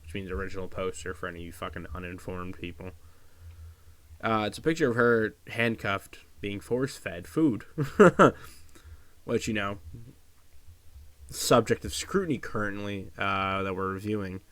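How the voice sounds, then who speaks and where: A man's voice: fairly low pitch, normal speed, pauses often, a bit bright, dry recording. A man giving casual, profane commentary, sarcastic and openly disgusted. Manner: disgusted, sarcastic, swears a lot. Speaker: commentary vlogger.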